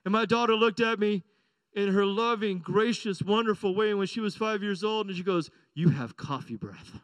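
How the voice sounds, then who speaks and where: A man's voice: high-pitched, flat delivery, a little fast, a bit bright, clear, resonant tone, no echo, poor audio. A middle-aged male pastor preaching a sermon in a conversational, joking way, often asking the congregation "right?" and "amen?".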